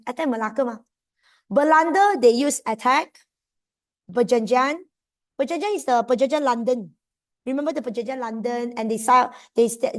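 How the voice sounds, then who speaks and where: A young woman with a Malaysian accent, giving an exam revision lesson in a lively, emphatic way. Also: fairly high pitch. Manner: lively, emphatic, mixes in local slang particles. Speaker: tutor.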